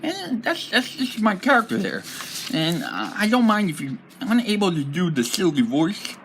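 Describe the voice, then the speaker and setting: Animated, rambling man with a bright voice. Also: high-pitched, normal speed, a little hiss or hum, poor audio. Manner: rambling and animated, laughs often. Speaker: tabletop role-player presenting his character. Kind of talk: casual explanation.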